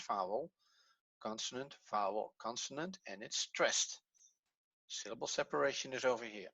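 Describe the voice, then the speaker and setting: A man's voice: medium pitch, sharp tone, breathy edge, dry recording, muffled recording. A man teaching an evening language class, patiently explaining step by step and thinking aloud as he works. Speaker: Hebrew teacher.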